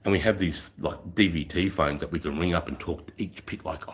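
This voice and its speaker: A man's voice: extremely low pitch, steady tone, fast, hardly any pauses. A man telling a boastful army story in casual, profane, swaggering talk. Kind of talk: crude anecdotal storytelling.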